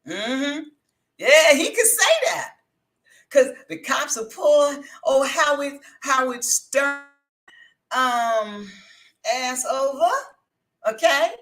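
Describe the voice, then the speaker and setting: A woman's voice: fairly high pitch, fairly bright tone. Blunt, opinionated woman commentator. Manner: blunt, opinionated, chatty with many restarts. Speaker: commentator reacting to a clip. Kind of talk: casual reaction commentary.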